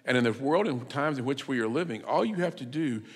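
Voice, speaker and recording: Visiting preacher, male, emphatic sermon delivery with shouting peaks, reverberant church sound. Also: mid-range voice, expressive, fairly quick, husky. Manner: emphatic, rises to loud shouts. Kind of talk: sermon with storytelling. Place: church sanctuary.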